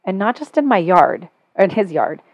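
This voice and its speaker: A middle-aged woman hosting a casual podcast chat, telling a story with animated, sarcastic energy and getting louder as she goes. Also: fairly low pitch, normal speed, dry recording, lo-fi sound. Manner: animated storytelling, sarcastic when quoting herself.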